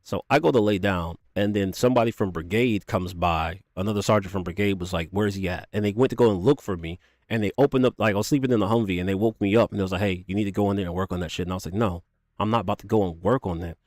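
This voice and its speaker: A young man casually telling a profane, animated story, acting out quotes as he goes. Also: deep voice, fast, dry recording, clean studio sound.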